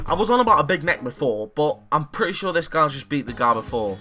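Goofy, excitable young gamer man. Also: a little high, quick pace, soft background music. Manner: goofy, excitable, bursts into shouts and mock drama. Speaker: gaming YouTuber. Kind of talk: jokey pack-opening commentary.

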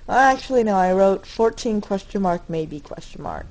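A woman's voice: medium pitch, expressive, normal speed, a little mellow, a little hiss or hum, rough recording. A young woman recording a casual video diary in her dorm room, rambling and candid, with frequent fillers and self-corrections. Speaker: vlogger.

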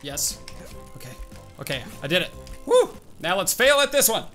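Male gaming host, bright tense voice, wildly swinging pitch, excitable running commentary over faint game music. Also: brisk. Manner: excitable, reactive, bursts into yelps and shouts. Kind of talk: live gameplay commentary.

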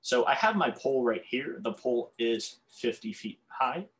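This man's mid-range voice is expressive and fairly bright, moving at normal speed. He's teaching calculus while sketching on a board, repeatedly stumbling, correcting himself, and apologizing along the way.

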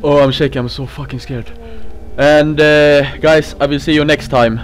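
Panicky high-voiced young man screaming. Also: steady tone, moderate pace, slight background noise. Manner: panicky, swears and screams often. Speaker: gaming YouTuber. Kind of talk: horror game playthrough commentary.

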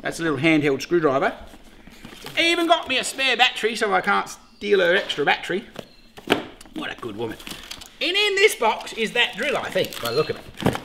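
A middle-aged Australian man hosting a beekeeping vlog, chatting casually in a jokey, excitable way and swearing freely. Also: high-pitched, normal speed, vocal fry, long pauses, background noise. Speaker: beekeeper host.

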